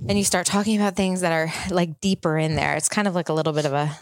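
This is a woman in her thirties hosting a podcast, sharing a personal story in a chatty, open and reflective manner. Her voice is lowish and she talks fast, recorded in studio quality with no echo.

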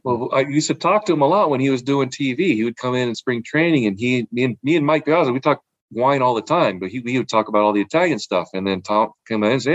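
A man's voice: mid-range voice, fast talker, no echo, highs cut off. A man in casual chat, rambling about wine with repeated words and frequent laughs. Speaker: podcast guest, wine collector.

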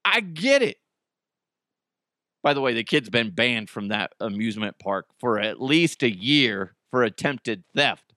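A man hosting a podcast alone, chatting casually in an animated, profane, rambling way. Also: on the low side, normal speed, dry recording, studio quality. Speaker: podcast host. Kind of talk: casual solo podcast chat.

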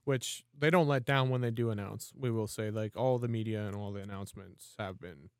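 A man co-hosting a casual fan podcast about his club, relaxed and quick to laugh. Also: lowish voice, smooth, no echo, clean studio sound. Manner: laid-back, joking, quick to laugh. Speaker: podcast co-host.

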